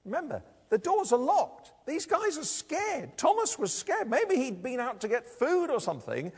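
A man gives a sermon in a church, speaking conversationally and often turning to the congregation with rhetorical questions. His husky voice swings widely up and down. A long reverb hangs behind every phrase, as in a large hall. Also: extremely high pitch, wildly swooping pitch, moderate pace. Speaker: preacher.

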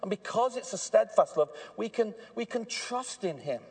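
Earnest preacher guy, kinda high voice, goes from whispery warnings to all fired up. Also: expressive, moderate pace, breathy edge. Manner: earnest, swings from hushed to fervent. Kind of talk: sermon. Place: church evening service.

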